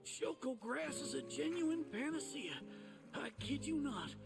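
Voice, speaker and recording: An actor playing a gruff, folksy old male chocobo rancher in a video game, with a gravelly voice and old-timer sayings. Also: very high-pitched, lively intonation, a little slow, full character voice. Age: older. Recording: game dialogue over loud music. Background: game music.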